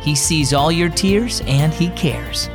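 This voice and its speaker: A man's voice: fairly high pitch, takes it slowly, music in the background. A man hosting a children's devotional program, reading scripted narration in an encouraging storyteller's way.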